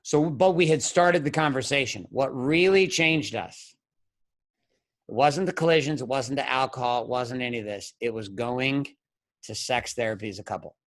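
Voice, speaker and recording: A man's voice: mid-range voice, moderate pace, no room sound. A man guesting on a podcast, telling a candid, blunt story with profanity and acted-out bits of dialogue.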